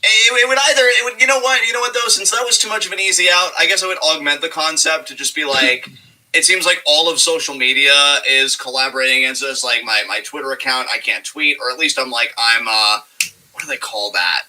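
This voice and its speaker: A man co-hosting a casual chat show, rambling excitably, laughing often and swearing freely. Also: fairly high pitch, a little fast, slight background noise, poor audio. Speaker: podcast co-host.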